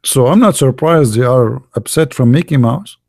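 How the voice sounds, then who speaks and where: A man's voice: medium pitch, animated, normal speed, creaky, darkish tone, dry recording, studio quality. A man hosting a polemical monologue, mocking as he talks, asking rhetorical questions and repeating words for emphasis. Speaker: channel host.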